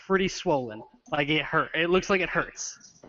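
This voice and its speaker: A man with a fairly high voice describes his character's actions in a tabletop game, often stopping to search for words. The sound is dry and close, but the recording is dull and lo-fi. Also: lively intonation, moderate pace, pushed and bright, no echo. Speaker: player. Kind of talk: casual tabletop play.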